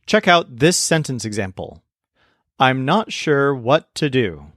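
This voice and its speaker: A man narrating a scripted language lesson, explaining clearly and slowing down to model example phrases. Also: medium pitch, big pitch swings, a bit bright, dry recording, clean studio sound. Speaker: language teacher.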